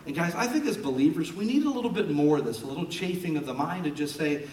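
A man preaching a sermon as a pastor, an animated storyteller who jokes as he talks, recorded in a church sanctuary. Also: fairly high pitch, fast, a little hiss or hum. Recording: roomy and distant from the mic.

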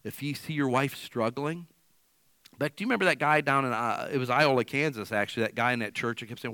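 A male pastor preaching a sermon to his church, telling a story with lively acted-out dialogue and closing in prayer. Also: medium pitch, a little fast, dry recording. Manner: animated storyteller acting out quoted dialogue.

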